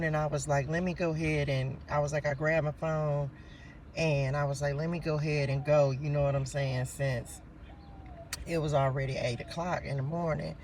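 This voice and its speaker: A man telling a story to his viewers in a casual vlog, animated and repeatedly calling them y'all, recorded outdoors at a park on a phone. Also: on the high side, far from the mic, slight background noise. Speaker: vlogger.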